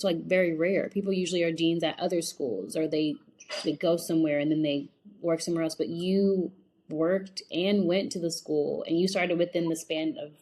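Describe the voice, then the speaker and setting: A woman's voice: on the low side, a little mellow. Upbeat, chatty woman podcast host. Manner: upbeat, chatty, uses casual slang. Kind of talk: casual podcast chat.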